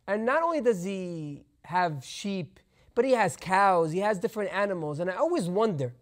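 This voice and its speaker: A man's voice: sits high, animated, normal speed, voice pushed down. A man playing a humble male village school teacher who explains himself in a reflective, patient way while telling a story in a sermon. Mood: wondering.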